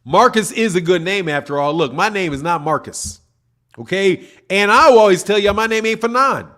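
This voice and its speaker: A man's voice: high-pitched, lively intonation, normal speed, a bit bright. A middle-aged man hosting a boxing channel, chatting loosely with his live viewers in slang and joking back at the comments. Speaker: boxing channel host reading live chat. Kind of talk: casual live-stream chat.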